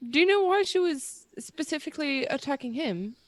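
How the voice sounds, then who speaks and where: High, lively woman asking questions. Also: no room sound. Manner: curious, rapid follow-up questions. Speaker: player. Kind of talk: casual in-character play.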